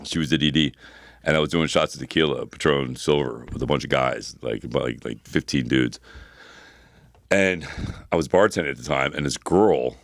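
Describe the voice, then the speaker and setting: A man's voice: rumbling low, normal speed, vocal fry, no room sound, studio quality. A man in his thirties co-hosting a podcast, telling a rambling story in casual chat, swearing freely and repeating himself. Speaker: podcast co-host.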